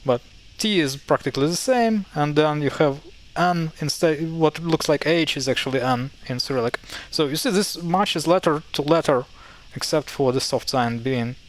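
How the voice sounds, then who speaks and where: Guy, teaching pronunciation, lots of uhs and restarts, kinda high voice. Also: normal speed, hardly any pauses. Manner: hesitant, many fillers and self-corrections. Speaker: language teacher. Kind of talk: casual explanatory lesson.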